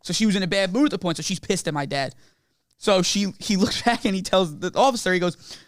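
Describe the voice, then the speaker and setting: A man's voice: high-pitched, fast talker, no echo, studio quality. A young man co-hosting a podcast, chiming in and telling a family story in casual, slangy chat. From Long Island, New York. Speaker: podcast co-host.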